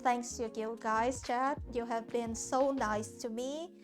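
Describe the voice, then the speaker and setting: A woman's voice: on the high side, steady tone, slow. A woman from Hanoi whose first language is Vietnamese, chatting casually with her viewers while painting on stream, often restarting and searching for words. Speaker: art streamer. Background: soft lo-fi music.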